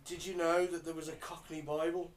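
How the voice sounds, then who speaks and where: A man's voice: fairly high pitch, little pitch movement, fairly quick. A man co-hosting a casual podcast chat, quizzing his friends with facts and laughing along. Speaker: podcast co-host. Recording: faint background noise.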